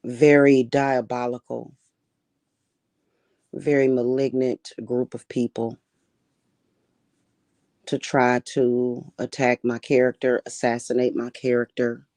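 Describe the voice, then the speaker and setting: A woman who is a high priestess and spiritual reader, talking in a casual livestream monologue in a deliberate, emphatic and blunt manner. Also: level tone, a little mellow, no echo, rough recording. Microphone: streaming setup.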